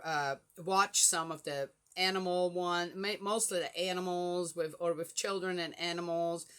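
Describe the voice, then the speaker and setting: An older woman, a grandmother, chatting casually and rambling through a story with many fillers, getting animated and exasperated. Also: fairly low pitch, clean tone. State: flushed from a hot flash. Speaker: Bible reading podcaster. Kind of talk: casual chat.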